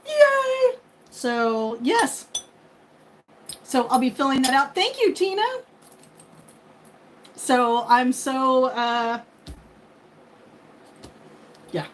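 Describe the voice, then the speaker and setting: Brief: woman, 50s, livestream host, slightly high voice, chatty, faint noise behind. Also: poor audio. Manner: chatty, thanks viewers by name. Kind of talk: casual live chat with viewers.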